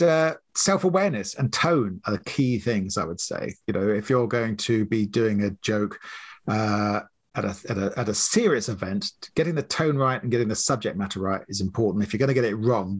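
A man who writes comedy, guest on a podcast, talking in a relaxed way with many fillers. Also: on the low side, normal speed, slightly rough. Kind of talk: podcast interview.

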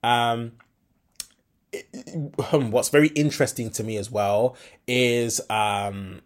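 Speaking slowly at medium pitch with fairly even intonation, this young Midlands man hosts a solo podcast. He moves between Birmingham and London accents, talking frankly through a rambling monologue packed with fillers and restarts.

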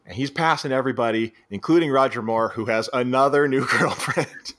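A man's voice: mid-range voice, a little fast. Man animatedly recapping a movie. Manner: animated retelling with acted-out quotes. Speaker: podcast co-host. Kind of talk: casual film recap chat.

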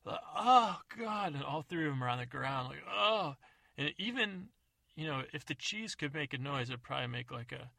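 Gravelly-voiced man telling an improvised comedy story. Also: mid-range voice, fairly quick, sharp tone, no room sound. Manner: casual, loose, filler-heavy narration. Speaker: podcast storyteller.

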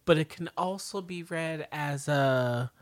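A woman's voice: deep voice, slow, no echo. A woman co-hosting a casual podcast, playful and a little hesitant. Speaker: podcast co-host.

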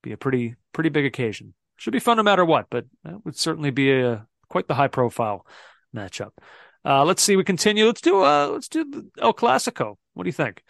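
A man's voice: on the high side, very animated, a little fast, gravelly, no room sound, clean studio sound. A man hosting a football podcast, thinking aloud in casual, reflective chat with many fillers. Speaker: podcast host.

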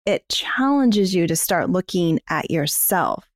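A woman's voice: on the low side, expressive, slow, dry recording, clean studio sound. A woman co-hosting a podcast, explaining her ideas in a candid, casual way and swearing freely. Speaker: podcast co-host.

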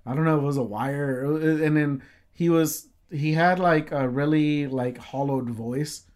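A man's voice: on the high side, fairly even intonation, a little slow, a little mellow. A man telling a story in casual chat, rambling with lots of fillers and swearing freely.

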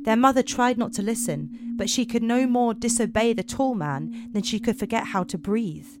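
A woman hosting a podcast, chatting casually and reading folk tales aloud in a relaxed storytelling manner. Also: on the high side, normal speed. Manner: relaxed storyteller, reading with small slips and asides. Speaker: podcast host. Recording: noisy podcast recording.

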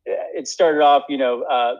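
A man's voice: medium pitch, fairly even intonation, unhurried, muffled recording. A man who is an actor, talking casually in a rambling, self-deprecating way with many fillers and restarts. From United States. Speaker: actor and guest. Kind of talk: casual conversation.

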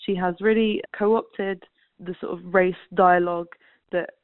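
A woman's voice: fairly low pitch, steady tone, a little slow, no echo. A woman guest writer giving earnest, considered commentary over a phone call. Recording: tinny phone line, dry.

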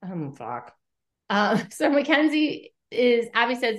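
A woman's voice: a little high, big pitch swings, takes it slowly. A woman co-hosting a podcast, recapping an episode in casual chat and acting out the quotes she retells, with the odd swear word.

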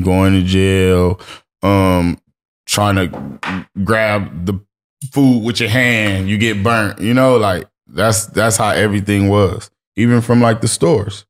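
Man, low voice, from Los Angeles, podcast guest, laid-back storytelling, slang, acted-out quotes. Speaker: streetwear brand owner, podcast guest. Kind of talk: casual interview talk.

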